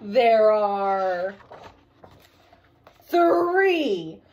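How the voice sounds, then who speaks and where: A woman's voice: mid-range voice, big pitch swings, drawn-out words, darkish tone, dull audio. A woman voicing a boastful father bear in a storybook, hearty and sure of himself. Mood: alarmed. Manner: hearty and reassuring, turning alarmed.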